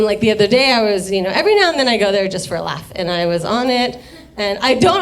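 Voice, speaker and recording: A young woman doing a rambling, profane stand-up set in a bar, often laughing at her own jokes. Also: medium pitch. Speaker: stand-up comedian. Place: dive bar comedy stage.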